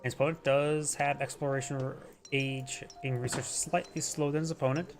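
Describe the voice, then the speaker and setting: A man's voice: medium pitch, flat delivery, a little fast, a little hiss or hum. A man casually commentating a strategy game replay, rambling and stumbling over unit names. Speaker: game caster.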